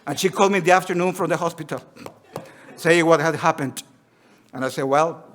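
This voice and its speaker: A male preacher whose accent blends Spanish with Australian. He has a somewhat high voice. He preaches in an earnest way, reading scripture and acting out the quoted lines. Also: animated, measured pace, long pauses. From Spanish-speaking country. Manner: earnest, reads scripture aloud and acts out quotes. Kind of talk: sermon.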